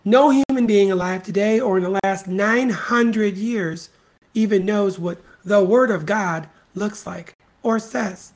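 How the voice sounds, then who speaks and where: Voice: medium pitch, a little slow, darkish tone. Profane, scornful solo commentary host. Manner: blunt, profane and scornful, hammering points by repetition. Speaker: podcast host.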